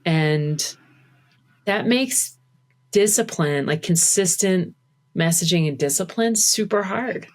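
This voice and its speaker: A chatty woman speaking as a guest on a podcast, her voice sitting a little low. She talks in a loose, casual way, dropping "like" between her thoughts. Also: animated, takes it slowly. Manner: chatty, lots of "like" fillers. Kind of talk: casual conversation.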